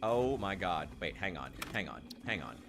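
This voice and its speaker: A man casually commenting while playing a game, rambling and sarcastic, now and then yelling in panic. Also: deep voice, lively intonation, moderate pace. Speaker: gaming channel host. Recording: game music loud behind.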